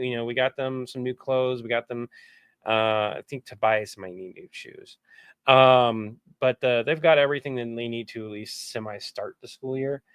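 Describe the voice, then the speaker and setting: A man's voice: medium pitch, fairly bright tone, no echo. A man chatting casually on a livestream from his home setup, rambling candidly and swearing now and then. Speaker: streamer and voice actor.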